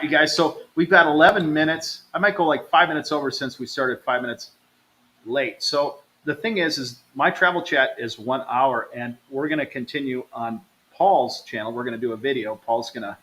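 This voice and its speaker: The host of a live travel stream, a man, keeps things chatty and upbeat, reading comments aloud and addressing viewers as "you guys," even though he's low on energy from stomach trouble. He speaks at normal speed in a medium-pitched, bright, forceful voice over poor audio.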